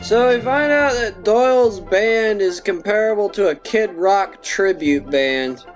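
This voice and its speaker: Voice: medium pitch, unhurried. A drunk film reviewer rambling through a profane comic plot recap. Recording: dull lo-fi with faint music.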